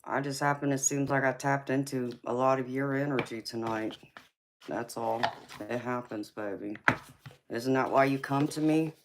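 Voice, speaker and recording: Over a noisy background, a woman with an extremely low pitch and fairly even intonation reads tarot live. She speaks with a Southern accent, drawls slowly, and casually calls her viewers baby.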